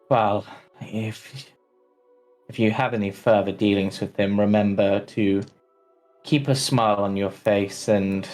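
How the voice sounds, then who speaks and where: A man's voice: fairly low pitch, darkish tone. A man voicing a cautious, polite village priest in a tabletop role-play, speaking hesitantly with many ums and restarts. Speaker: game master.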